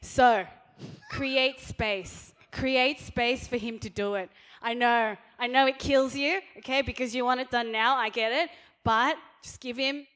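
A woman's voice: a little high, fairly even intonation, unhurried, a bit bright. A woman in her thirties giving practical marriage advice in a sermon, chatty, laughing often and checking in with "okay?". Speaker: pastor's wife, speaker.

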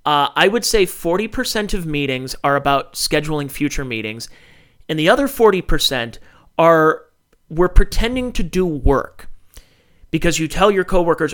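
Animated man ranting on his podcast. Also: a little high, moderate pace. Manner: rambling, profane, corrects himself mid-thought. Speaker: podcast host. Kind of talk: solo podcast monologue.

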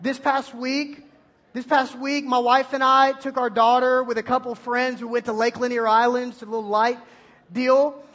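High-pitched animated youth pastor. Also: male voice, normal speed. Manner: animated, playful storytelling with loud bursts. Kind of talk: energetic youth sermon.

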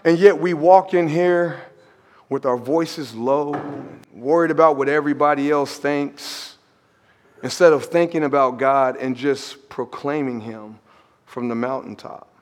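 A male pastor telling a story in a sermon, animated and conversational, sometimes dropping to a hushed emphasis. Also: a little high, a little slow, in a large hall. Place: church sanctuary.

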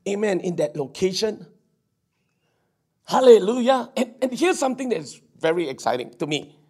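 A man preaching from the pulpit with a fairly high voice. He tells his story eagerly, stumbling over restarts and breaking into exclamations. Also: sing-song, a little fast, husky. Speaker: pastor. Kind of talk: sermon.

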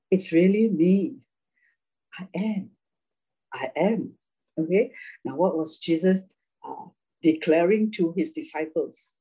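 Husky-voiced woman teaching a Bible class. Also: lowish voice, a little mellow, low-quality recording. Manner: chatty, laughs often, keeps asking "right?".

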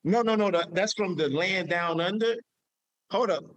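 A man's voice: high voice, normal speed, a bit bright, no room sound. A man hosting a live show, emotional and preacher-like, repeating his phrases for emphasis. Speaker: show host.

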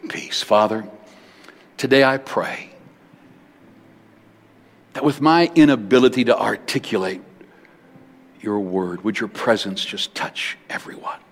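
A man preaching a sermon as pastor in a large church building, switching between loud bursts and hushed words. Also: medium pitch, slightly rough. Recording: long hall reverb.

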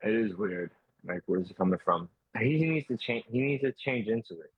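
Husky-voiced man on a dull mic. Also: fairly low pitch, animated, normal speed, no echo. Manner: loose, rambling, lots of fillers. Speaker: podcast co-host. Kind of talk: casual chat over call.

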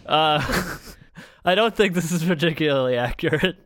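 A man co-hosting a casual chat about a film, animated and quick to laugh. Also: fairly high pitch. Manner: animated, laughs often, does playful impressions. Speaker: podcast co-host.

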